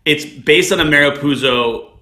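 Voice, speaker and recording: A man's voice: fairly high pitch, moderate pace, bright, forceful tone, echoey room. A man co-hosting a casual chat about a film, talking with enthusiasm and frequent restarts. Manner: conversational, hesitant restarts, enthusiastic film talk. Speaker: podcast co-host.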